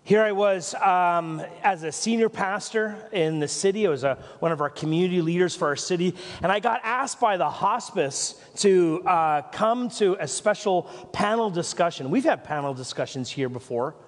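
High-voiced Canadian pastor in a reverberant hall. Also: male voice, normal speed, few pauses. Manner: rambling, self-interrupting storytelling with asides and jokes. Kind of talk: sermon. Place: church.

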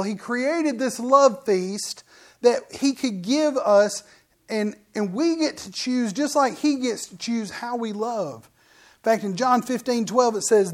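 A middle-aged man preaching a sermon as pastor, in a folksy, joking, conversational way. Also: extremely high pitch.

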